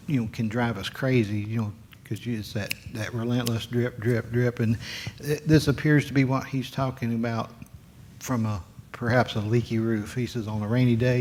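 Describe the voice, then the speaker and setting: A man teaching a Sunday school Bible lesson in a church classroom, explaining verses in a halting, folksy way with many restarts. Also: medium pitch, a little mellow, a little hiss or hum.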